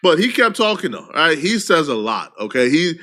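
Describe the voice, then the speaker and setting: A man hosting a gossip commentary show with a wry, knowing delivery. His voice is on the high side for a man and sounds bright and sharp. He reads out posts and checks in with listeners. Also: sing-song, moderate pace. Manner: wry, reads out quotes, asks "okay?". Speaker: host. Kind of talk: casual commentary.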